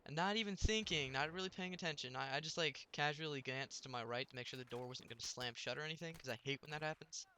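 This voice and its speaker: A man's voice: a little high, fast, hardly any pauses, bright, forceful tone, a little hiss or hum. A young man telling a rambling story while commenting on his gameplay, with many restarts.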